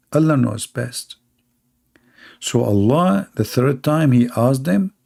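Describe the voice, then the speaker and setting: A man's voice: mid-range voice, vocal fry, a little mellow. A man giving a mocking commentary on religion, telling sarcastic stories and mimicking other people's voices.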